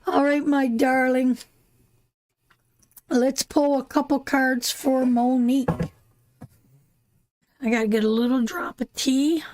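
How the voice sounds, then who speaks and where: A woman's voice: high-pitched, fairly even intonation, slow pace, long pauses, a little mellow. A woman hosting a live tarot stream, chatting casually and rambling, calling viewers darling and sweetheart. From Canada.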